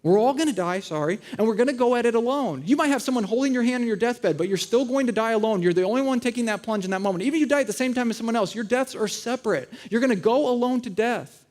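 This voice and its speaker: A pastor in his thirties, preaching in a church auditorium, turns his sermon into lively storytelling, recounting funny family moments and acting out voices. His voice is extremely high-pitched and darkish, with lively intonation and a quick pace.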